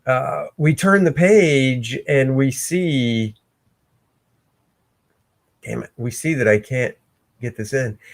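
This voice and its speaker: A man's voice: mid-range voice, slow pace, creaky, long pauses. A man, a comic artist, casually narrating his own art, joking and rambling and interrupting himself. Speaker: comic artist hosting a drawing channel.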